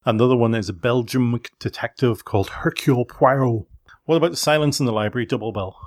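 Man in midlife, hosting a relaxed podcast chat. He talks at an everyday pitch, asks lots of questions and often restarts his sentences. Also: quick pace. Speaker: podcast host. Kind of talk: casual family podcast chat.

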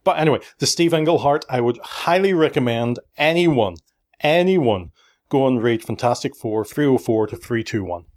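A man's voice: mid-range voice, expressive, normal speed, darkish tone. A middle-aged man, hosting a casual family podcast, chatty and full of questions. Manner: chatty, asks questions, restarts sentences. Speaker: podcast host.

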